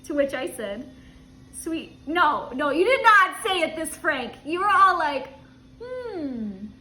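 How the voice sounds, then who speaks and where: A woman's voice: sits high, animated, normal speed, pushed and bright, echoey room. Giggly woman reading a story aloud. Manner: giggly, laughs often through her words.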